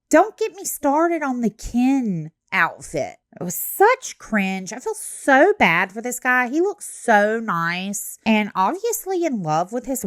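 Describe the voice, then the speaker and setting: A woman's voice: a little high, a bit bright, no echo, studio quality. A young woman giving blunt, sarcastic reaction commentary, swearing freely. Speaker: commentary host.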